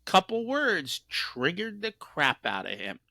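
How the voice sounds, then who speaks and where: Podcast host guy, a bit higher voice, chatty, restarts a lot. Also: huge pitch swings, slow, sharp tone, dry recording. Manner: conversational, repeats words as he thinks. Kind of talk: casual interview chat.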